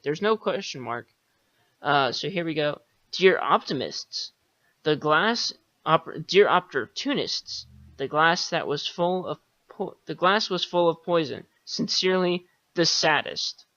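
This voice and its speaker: A man's voice: a little high, a bit bright, no room sound, highs cut off. A man hosting a solo podcast, rambling and sarcastic, swearing casually and talking with lots of fillers. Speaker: podcast host.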